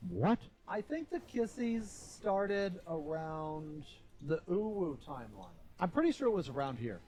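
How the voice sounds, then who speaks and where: A man streamer telling stories in casual live-stream chat, animated and swearing freely. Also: sits high, measured pace.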